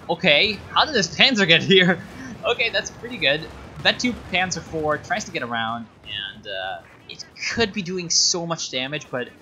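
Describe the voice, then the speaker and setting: A man's voice: mid-range voice, sharp tone, a little hiss or hum. A man casting a strategy game replay in a sarcastic, rambling way, full of fillers and asides. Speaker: game caster. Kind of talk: casual game commentary.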